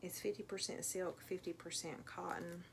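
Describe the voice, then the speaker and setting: A woman's voice: fairly low pitch, steady tone, moderate pace, vocal fry, a little hiss or hum. A middle-aged woman with a Tennessee accent, chatting casually through an unboxing vlog at home, rambling with lots of ums. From Tennessee, USA. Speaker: thrift reseller vlogger.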